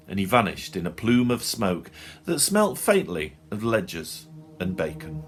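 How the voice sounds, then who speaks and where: A man reading a short story aloud in a dry, expressive storytelling manner. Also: low voice, normal speed, over music. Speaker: narrator. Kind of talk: audiobook reading.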